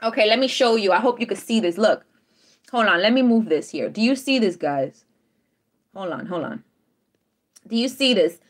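A woman's voice: fairly high pitch, lively intonation, brisk. A woman giving a live tarot reading to her viewers, emphatic and repetitive, checking in with them often. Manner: emphatic, repeats affirmations, checks in with "all right?". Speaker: tarot reader.

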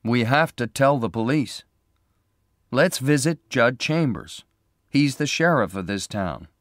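A man's voice: mid-range voice, lively intonation, unhurried, no echo, clean studio sound, pitched above the performer's own voice, lightly acted. A man voicing a concerned young man who speaks urgently and earnestly.

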